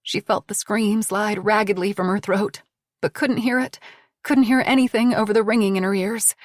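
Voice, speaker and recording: A woman narrating a suspense novel in a measured storytelling manner. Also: mid-range voice, fairly even intonation, no echo, clean studio sound. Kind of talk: audiobook narration.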